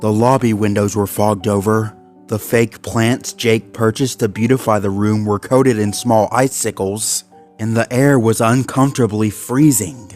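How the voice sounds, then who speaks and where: A man reading a horror fan story aloud in a measured, ominous way. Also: lowish voice, steady tone, darkish tone. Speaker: narrator. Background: faint background music.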